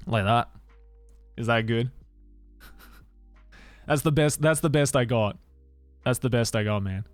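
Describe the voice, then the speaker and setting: A man's voice: medium pitch, slow pace, pauses often, smooth, no room sound, faint music behind. An Australian man streaming and chatting casually, rambling with lots of fillers and restarts. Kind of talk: casual livestream chat.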